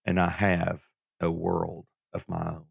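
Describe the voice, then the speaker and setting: A middle-aged man from Georgia, a guest telling his life story in an animated way, acting out what people said. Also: low voice, measured pace, creaky, slightly rough, no echo, muffled recording. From Georgia, USA. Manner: animated storyteller who acts out quoted voices. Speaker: guest, former pro wrestler. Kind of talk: storytelling interview.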